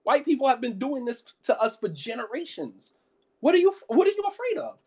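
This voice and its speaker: A man's voice: extremely high pitch, sing-song, fairly quick, darkish tone, slightly rough. A man giving an impassioned sermon, firing off rhetorical questions and repeating phrases for emphasis. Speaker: preacher.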